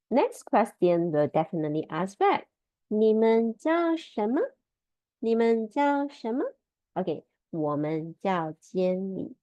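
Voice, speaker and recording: A woman teaching a Mandarin lesson over a video call, drilling tones slowly and patiently. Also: mid-range voice, dark tone, no echo. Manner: slow, patient drilling of tones, repeating words. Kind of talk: online language lesson. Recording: dull lo-fi video call audio.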